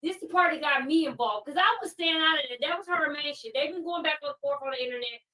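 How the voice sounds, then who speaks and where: A woman hosts a live stream in a high, bright voice, ranting with fiery energy and circling back to the same pointed questions again and again. Her voice sounds a little distant from the mic. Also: fast. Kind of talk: heated live-stream commentary.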